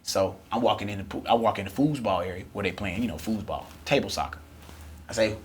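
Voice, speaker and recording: Male podcast co-host, AAVE speaker, quick and lively comic storyteller; light background noise. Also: on the low side. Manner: loud, lively storyteller, acting out the characters' voices. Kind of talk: animated comedic storytelling.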